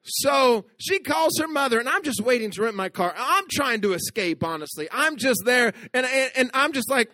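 Bright-voiced, high-pitched pastor. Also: male voice, expressive, moderate pace, few pauses, no room sound. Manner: storytelling with rising, playful asides to the congregation; drops to a soft, hushed voice for tender moments. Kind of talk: sermon.

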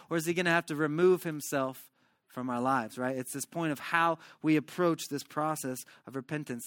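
A man preaching a sermon in a conversational style, often tagging his points with questions and swinging between loud and soft. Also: on the high side, no room sound, studio quality. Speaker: pastor.

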